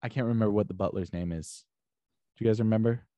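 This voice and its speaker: A man's voice: lowish voice, fast, warm tone, dry recording. A man co-hosting a comedic podcast, talking in a mock-earnest way and steering the banter. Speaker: podcast co-host.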